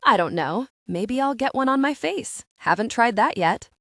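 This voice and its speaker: A woman voicing an older man in a romance audiobook, teasing and relaxed in speech. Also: a little high, moderate pace, no room sound, studio quality, pitched above the performer's own voice.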